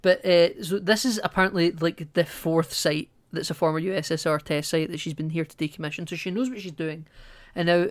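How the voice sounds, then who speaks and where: A man's voice: a little high, steady tone, a little fast, few pauses, no echo. A man co-hosting a podcast, casually retelling a film's plot at length. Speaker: podcast co-host. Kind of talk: casual film recap chat.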